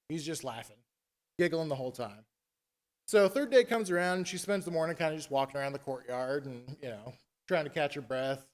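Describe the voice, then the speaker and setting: A man retelling a fairy tale at a conference in a casual, animated, chatty way. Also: fairly high pitch. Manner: animated, chatty, tag questions. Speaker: conference speaker. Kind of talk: casual storytelling talk.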